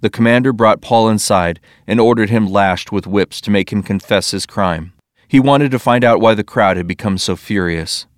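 Low-voiced man reading scripture. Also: moderate pace, no room sound, studio quality. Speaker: scripture reader.

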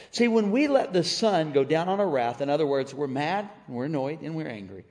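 Middle-aged male pastor with a high voice, storytelling sermon style that rallies the crowd, big hall echo. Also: fairly quick, hardly any pauses. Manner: animated storytelling, calls out to the congregation. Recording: reverberant church hall.

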